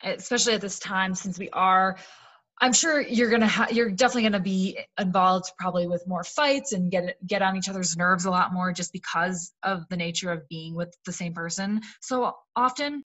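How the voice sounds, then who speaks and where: A woman's voice: medium pitch, steady tone, moderate pace, a bit bright. A woman giving earnest conversational advice, with frequent "like" and "um" fillers.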